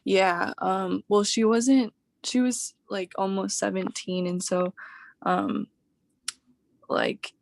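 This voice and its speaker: A woman's voice: medium pitch, fairly even intonation, slow pace, vocal fry, dry recording. A young woman in her twenties, a coaching client on a video call, grieving and hesitant, with many fillers.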